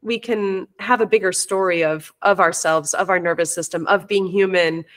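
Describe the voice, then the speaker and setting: A woman's voice: on the low side, steady tone, normal speed, fairly bright tone. Reflective woman telling a story. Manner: open, reflective, storytelling with many restarts. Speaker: teacher and parent coach. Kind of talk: casual conversational interview.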